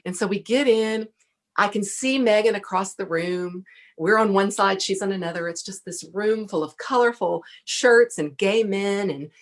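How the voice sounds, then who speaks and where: A middle-aged woman with a Texan accent telling a lively story as a podcast guest, laughing often. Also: medium pitch, normal speed. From Texas. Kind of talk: casual storytelling chat.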